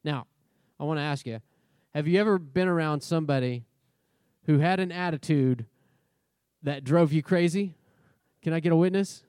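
A pastor preaching a sermon in a conversational way, leading a prayer and often checking in with the congregation. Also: male voice, a little high, normal speed, pauses often, darkish tone, clear, resonant tone, no room sound, studio quality. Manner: conversational, asks the congregation questions.

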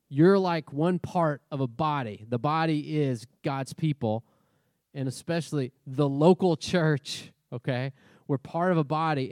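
A pastor preaching a sermon in a conversational way, leading a prayer and often checking in with the congregation. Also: male voice, medium pitch, a little mellow, dry recording, clean studio sound. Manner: conversational, asks the congregation questions.

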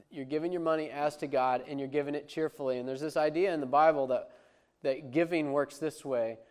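A man's voice: fairly high pitch, a little mellow, smooth. A man preaching a sermon as a pastor, conversational and emphatic, with frequent restarts.

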